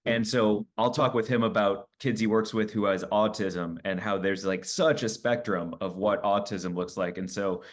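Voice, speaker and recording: Low-voiced man telling candid stories. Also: moderate pace, few pauses. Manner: animated storytelling, acts out his own quoted lines. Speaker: comedian guest. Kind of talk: candid interview conversation.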